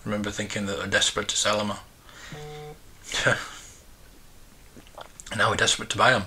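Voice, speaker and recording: A man's voice: lowish voice, completely flat delivery, moderate pace, pushed and bright, slight background noise. A man in his forties, hosting a casual live stream and chatting in a rambling, nostalgic way. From United Kingdom. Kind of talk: casual live-stream chat, reading viewer comments.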